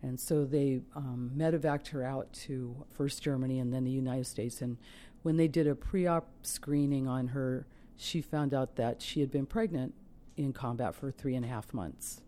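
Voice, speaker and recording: Mellow-voiced middle-aged woman, earnest. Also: a bass voice, fairly even intonation, normal speed. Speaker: mother of a soldier. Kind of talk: personal testimony.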